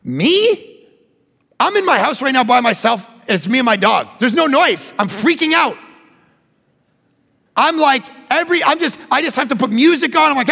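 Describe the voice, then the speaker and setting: A pastor preaching a sermon, joking and acting out little conversations in an animated way. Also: male voice, very high-pitched, normal speed, gravelly, husky, big-room sound. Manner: animated, joking, acts out dialogue.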